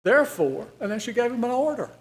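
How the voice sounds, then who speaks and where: A man's voice: extremely high pitch, sing-song, fast talker. Man teaching a Bible study. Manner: conversational, asks the class questions, folksy.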